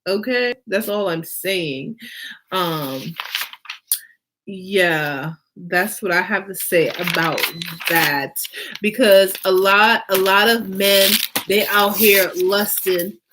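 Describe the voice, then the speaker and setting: A woman's voice: mid-range voice, slow pace, background noise. A woman hosting her own fashion vlog, talking in a casual, emphatic way and repeating phrases for emphasis. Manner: emphatic and animated, with many rhetorical questions and fillers. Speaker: fashion designer and vlog host.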